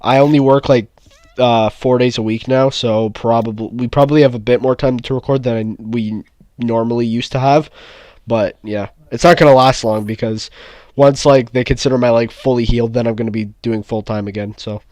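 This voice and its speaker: A man's voice: mid-range voice, steady tone, moderate pace, a little mellow, dry recording. A man in casual chat, telling a story with a lot of cursing and heat. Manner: profane, heated storytelling.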